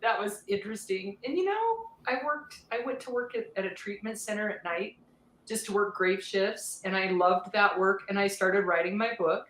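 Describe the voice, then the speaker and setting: A woman talking openly on a podcast, with a voice of middling pitch. She is animated and laughs easily, slipping into the voices of people she quotes. The sound rings a little in a roomy space. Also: moderate pace, slight background noise. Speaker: podcast guest. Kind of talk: candid conversational storytelling.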